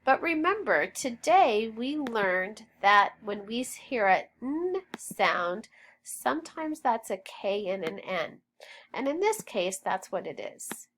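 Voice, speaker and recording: A woman's voice: a little high, very animated, fairly bright tone, a little hiss or hum. A woman teaching a phonics lesson, spelling out letters and sounding out words in a patient, encouraging way. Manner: slow, deliberate, spells out sounds.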